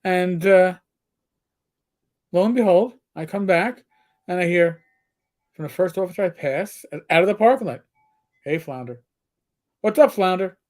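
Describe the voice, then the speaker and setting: Blunt, higher-voiced man telling stories. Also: moderate pace, long pauses. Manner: blunt storyteller, swears freely. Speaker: co-host, former police officer. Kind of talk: casual livestream chat.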